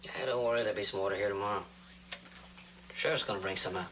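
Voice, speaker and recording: An actor playing a calm captive cowboy hero who talks in a dry, easygoing, gently needling way, in an old TV western. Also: male voice, on the low side, quick pace, slight background noise, poor audio. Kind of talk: 1960s TV western acting.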